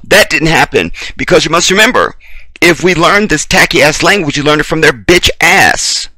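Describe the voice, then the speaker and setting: A man's voice: a little high, animated, normal speed, bright, forceful tone, no room sound. An American man delivering an impassioned, profane commentary rant, blunt and preachy, hammering points by repeating himself. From United States. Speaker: video commentator.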